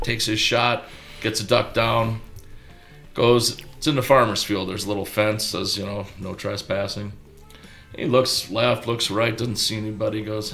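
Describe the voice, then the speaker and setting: A man in his fifties with a Midwestern accent, chatting as a guest and telling a long joke in a low, drawling way. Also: steady tone, normal speed, creaky. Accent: Midwestern American. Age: 50s. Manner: drawling storyteller, drops low and quiet for the joke.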